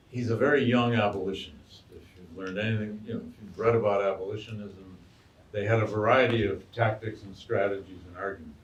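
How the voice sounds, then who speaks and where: A man, a historian and biographer, answering audience questions in an animated, storytelling way and acting out quotes. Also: on the low side, brisk, lo-fi sound. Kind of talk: lecture Q&A answer. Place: lecture hall. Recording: echoey room, mic far off.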